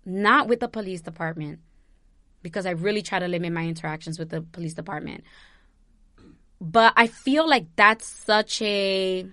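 A woman's voice: on the low side, moderate pace, pushed and bright, dry recording. A young woman from New Jersey vlogging, giving impassioned personal commentary that circles back on itself, close to tears and swearing freely. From New Jersey, USA.

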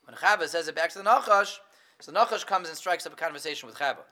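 A middle-aged man teaching a Torah class, animated, questioning his students and acting out what the figures say. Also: fairly high pitch, quick pace.

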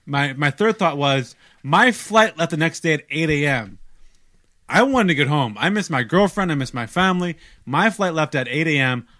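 A young man casually telling a long story on a podcast, animated and self-mocking, stumbling over restarts. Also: a little high, moderate pace.

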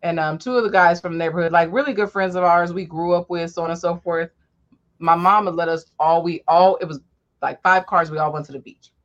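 A woman telling animated, profane stories from her youth in a casual chat. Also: fairly low pitch, a little fast. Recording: dull lo-fi audio.

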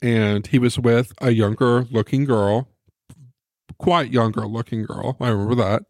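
A man's voice: medium pitch, steady tone, unhurried, no echo, studio quality. A man co-hosting a podcast, telling a rambling casual anecdote and acting out the quotes of the people in it. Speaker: podcast co-host. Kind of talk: casual storytelling.

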